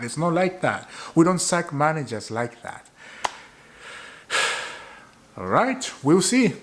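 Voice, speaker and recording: A man's voice: on the high side, big pitch swings, slow pace, pauses often, a bit bright. A young man giving a casual fan rant to camera, exasperated and repeating his points for emphasis. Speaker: football fan vlogger.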